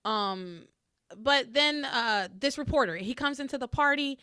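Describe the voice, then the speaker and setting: A woman hosting a podcast, recapping in casual chat and acting out quoted lines with big jumps in pitch. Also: lively intonation, a little slow, pushed and bright, clean tone, dry recording, studio quality. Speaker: podcast host.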